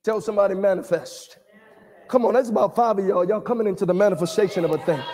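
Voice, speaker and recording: High-pitched shouting preacher man. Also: rapid-fire. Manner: shouting, sing-song cadence, speaking in tongues; calls for congregation responses. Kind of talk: charismatic shouted sermon.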